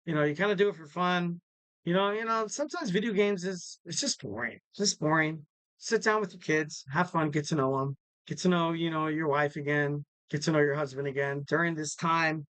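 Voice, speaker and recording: A man's voice: fairly high pitch, a little fast, fairly bright tone, clear, resonant tone, no echo, poor audio. A young man hosting a casual sports podcast, rambling through his sign-off with jokey, self-deprecating asides. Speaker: podcast host.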